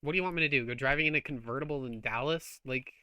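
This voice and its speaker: A man's voice: mid-range voice, racing, sharp tone, clean tone, no room sound. A man streaming a game, chatting casually while he plays, joking and swearing freely. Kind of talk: casual gameplay chat.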